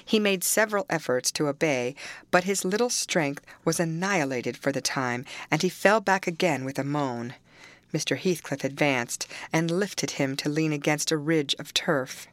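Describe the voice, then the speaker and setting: Woman, audiobook narrator, measured, composed, low voice, dry sound. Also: no room sound. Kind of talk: scripted narration of a classic novel.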